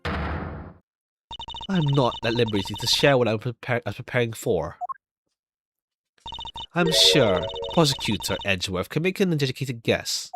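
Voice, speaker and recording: A man voicing a haughty, evasive accused official who speaks in a measured way, with music behind. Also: medium pitch, animated, natural voice. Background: background music.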